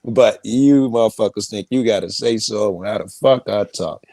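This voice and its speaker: A man's voice: on the low side, moderate pace, vocal fry, warm tone, dry recording. A man chatting casually as a podcast guest, joking, sarcastic and swearing freely. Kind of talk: casual chat.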